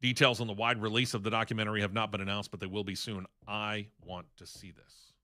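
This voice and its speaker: A man's voice: lowish voice, little pitch movement, quick pace, sharp tone. A man hosting a sports talk radio show in a studio, running through racing news in a chatty, opinionated way.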